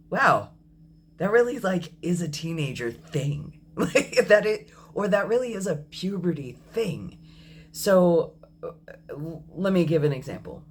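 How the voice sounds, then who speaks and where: Slow, reflective man in his thirties. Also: a little high. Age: 30s. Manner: reflective and apologetic, with frequent ums and self-corrections. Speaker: vlogger. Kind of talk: candid personal video diary.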